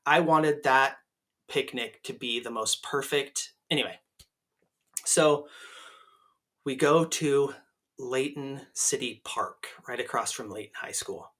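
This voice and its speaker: A man in his forties tells a story as a podcast guest with a bright, forceful voice. He is animated and keeps tagging his sentences with "right?". His pitch sits in the middle for a man. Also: slow, pauses often.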